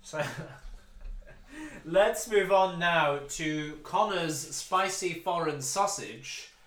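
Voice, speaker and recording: Sitting high and fairly bright, his voice is animated yet very slow, with a reverberant sound. He's a young adult from England hosting a casual food-review podcast at a table with friends, wry and mock-formal, often breaking into laughter.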